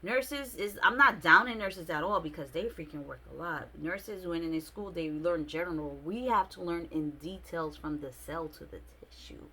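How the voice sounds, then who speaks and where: A young adult woman vlogging a casual storytime, expressive and slangy, with many fillers. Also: fairly low pitch, normal speed, few pauses, a little hiss or hum.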